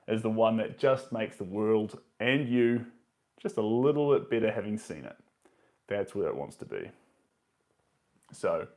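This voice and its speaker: A man, chatting casually to his live stream viewers while he paints, muttering to himself between remarks. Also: mid-range voice.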